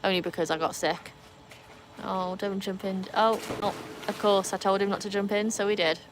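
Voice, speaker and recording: A woman's voice: medium pitch, little pitch movement, moderate pace, noisy background. Chatty Welsh woman streaming live. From Wales. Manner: chatty, reads and answers comments. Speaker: livestream host. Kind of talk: casual live chat. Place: outdoors by a pool with dogs.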